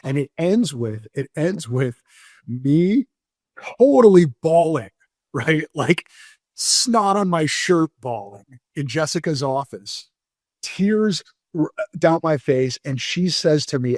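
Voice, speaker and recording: A man's voice: on the high side, lively intonation, slow pace, darkish tone, no room sound, studio quality. A man in his forties from Moldova, a podcast guest telling a personal story with many fillers and restarts, on the edge of tears. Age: 40s. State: near tears.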